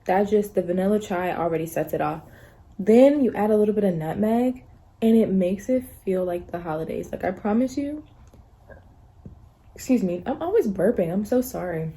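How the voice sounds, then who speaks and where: A young woman vlogging casually to her phone camera, rambling through stories in a chatty, animated way. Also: mid-range voice, moderate pace, husky. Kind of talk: casual vlog chat.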